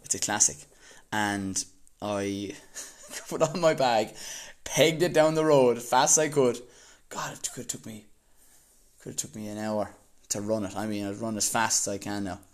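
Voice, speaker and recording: Animated Irish man telling a story. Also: fairly low pitch, moderate pace. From Ireland. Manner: animated, laughing as he tells it. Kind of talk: casual storytelling.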